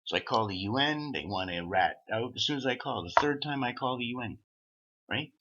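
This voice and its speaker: A man's voice: mid-range voice, animated, a little fast, sharp tone. A man talking in a rambling, profane monologue from Canada, acting out the voices of people he quotes. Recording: dull lo-fi sound.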